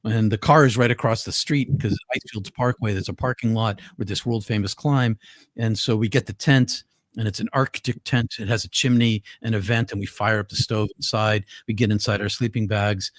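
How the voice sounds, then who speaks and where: A man's voice: fairly low pitch, fairly even intonation, moderate pace, no room sound, clean studio sound. An older man, a guest, earnestly telling a personal story with vivid detail and frequent restarts. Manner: earnest, vivid, with many restarts and repeated words.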